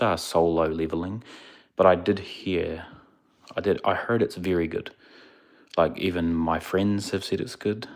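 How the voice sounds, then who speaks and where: A laid-back male streamer, chatting casually with viewers. His voice sits very low, and he rambles a bit, sounding a little sleepy. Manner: laid-back, rambling, answers chat questions. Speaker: livestreamer. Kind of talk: casual live-stream chat.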